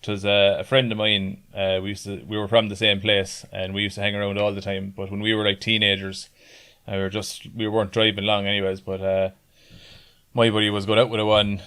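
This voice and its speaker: A man's voice: lowish voice, level tone, brisk, pushed and bright, clear, resonant tone. An Irish man telling a rambling story in casual chat, swearing often and laughing along as he goes. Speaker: podcast guest.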